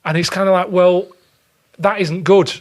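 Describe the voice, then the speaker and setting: A man's voice: high-pitched, fairly even intonation, normal speed. Blunt grumbling man. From England. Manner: blunt, grumbling anecdotes with frequent swearing. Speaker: podcast guest. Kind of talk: casual chat, storytelling.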